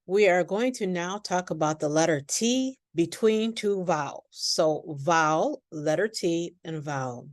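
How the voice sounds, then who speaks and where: Casting: American woman, pronunciation teacher, low-ish voice, very unhurried, crisp careful diction, dry close sound. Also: a little mellow, no room sound. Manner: slow, deliberate, carefully enunciated. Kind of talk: recorded lesson with repeat-after-me drills.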